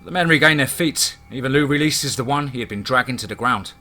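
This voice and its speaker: A man narrating a first-person horror story in a steady, dramatic storytelling manner. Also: medium pitch, a little fast, soft background music.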